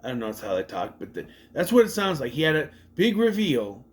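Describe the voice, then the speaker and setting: A man recaps and reviews a movie in a relaxed way, speaking fairly quickly in a mid-range voice. Animated throughout, he swears and lampoons the scenes using exaggerated voices.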